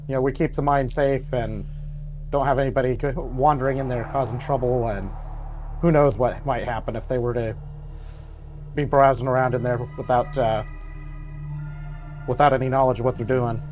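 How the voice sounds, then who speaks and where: A man playing a tabletop role-playing game, speaking in a halting way with many pauses. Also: mid-range voice, steady tone, a little mellow. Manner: hesitant, halting with many uhs. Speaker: player. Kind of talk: tabletop role-play, in character. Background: background music.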